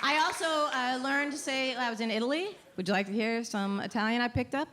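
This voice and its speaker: A middle-aged woman performing a stand-up set, wry and self-deprecating, rambling and then bursting out loudly. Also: fairly high pitch, a little fast. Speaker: stand-up comedian. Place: comedy club stage with live audience. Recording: live club recording with crowd noise. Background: audience laughter and cheering.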